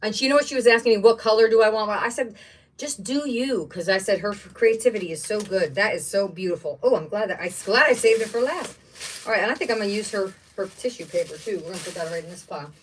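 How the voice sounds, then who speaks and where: A woman's voice: mid-range voice, fast, a little hiss or hum. A woman hosting a casual craft livestream, chatting and exclaiming over each item she unboxes. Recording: voice somewhat distant from the mic.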